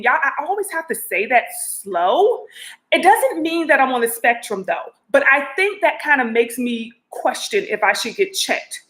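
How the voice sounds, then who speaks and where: A woman's voice: high-pitched, fairly bright tone, rough recording. A woman hosting her own talk show, chatting casually to her viewers with frequent repeated asides. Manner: chatty, repetitive asides to the audience.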